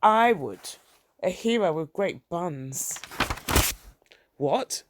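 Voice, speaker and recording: A woman reading the lines of an anxious office worker with a high, whiny voice in an audiobook. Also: lively intonation, drawn-out words. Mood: teasing.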